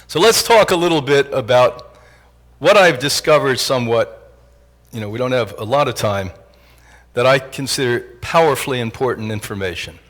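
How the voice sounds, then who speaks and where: A man in his sixties giving a joking, animated motivational lecture to a live audience as a health institute director. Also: medium pitch, moderate pace. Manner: animated, joking, often laughs at his own lines.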